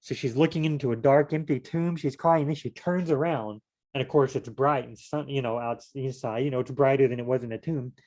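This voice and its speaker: A Bible study vlogger reads scripture aloud and then discusses it in a loose, chatty way, drifting into side stories and often restarting sentences. His voice is at an ordinary middle pitch, steady, a little fast, and a little mellow.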